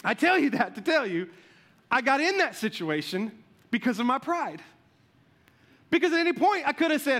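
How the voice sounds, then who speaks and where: Animated high-voiced male pastor. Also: moderate pace. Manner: animated storyteller, acts out his own voice and sound effects. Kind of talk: sermon with a comic personal story.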